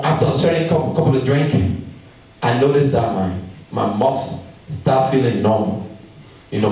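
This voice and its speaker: A man preaching a storytelling sermon, animated and calling out to his congregation from the pulpit. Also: medium pitch. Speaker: pastor. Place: large church hall. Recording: echoey hall, mic far off.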